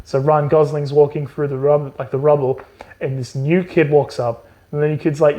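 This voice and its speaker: Another co-host on the comedic book recap podcast speaks at a normal speed in a fairly high, level, warm voice, though the recording sounds muffled. He's sarcastic and profane about the book and keeps laughing at what happens in it.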